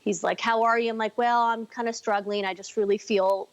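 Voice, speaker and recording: A woman's voice: medium pitch, fairly even intonation, moderate pace. A woman in her forties talking candidly and emotionally as a podcast guest, rambling with many fillers. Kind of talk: casual, candid conversation.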